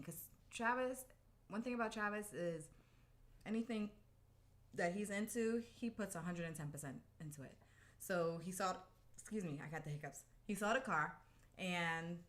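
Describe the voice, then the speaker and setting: Chatty wife laughing through a story. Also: female voice, on the low side, fairly bright tone. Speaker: podcast co-host. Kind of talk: casual couple's podcast chat.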